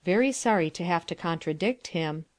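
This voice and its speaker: A woman reads stage directions in an even, matter-of-fact way. Her voice is on the low side. The sound is dry and close. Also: moderate pace, no echo. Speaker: narrator reading stage directions. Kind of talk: plain audiobook reading.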